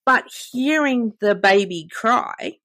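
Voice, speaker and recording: Speaking slowly in a slightly high, animated voice with a fairly bright tone, a fifties-aged woman trades candid stories full of quoted dialogue in a casual podcast conversation. There's no echo on the recording.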